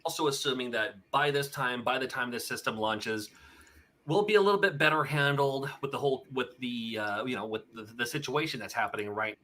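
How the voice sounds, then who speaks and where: A man in a played-back video, talking about couch co-op with halting, hedging phrasing. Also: medium pitch, pushed and bright. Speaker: video presenter. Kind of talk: casual video commentary.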